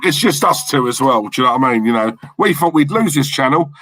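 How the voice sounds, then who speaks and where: A man co-hosts a live football watch-along for a fan channel, talking with viewers and reacting to the game. His voice is medium-pitched and quick. He's chatty, thanks people in the chat, and gets excited about the match.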